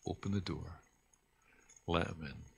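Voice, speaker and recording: A man preaching a sermon in an earnest, reflective way, often dropping to a soft hush. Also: sits low, fairly even intonation, a little slow, creaky, husky. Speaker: pastor.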